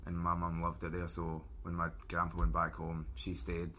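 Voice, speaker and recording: A man's voice: low-pitched, completely flat delivery, moderate pace, fairly bright tone, a little hiss or hum. A man with a Scottish accent, chatting as a podcast guest in an easygoing way and laughing often. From Scotland. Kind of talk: casual chat.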